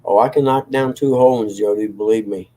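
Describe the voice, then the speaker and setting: A man's voice: on the low side, brisk, mellow. A man hosting a livestream, chatting casually with viewers in a rambling, self-deprecating way and chuckling often. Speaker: livestream host reading chat. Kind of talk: casual chat.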